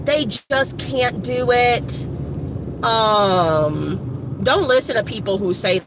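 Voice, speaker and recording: A woman from Evanston, Illinois, giving a casual, rambling motivational talk to her phone camera outdoors, slangy and animated with lots of asides. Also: on the high side, slow pace. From Evanston, Illinois, USA. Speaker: motivational vlogger. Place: outdoors by a street with shops. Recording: outdoor traffic noise.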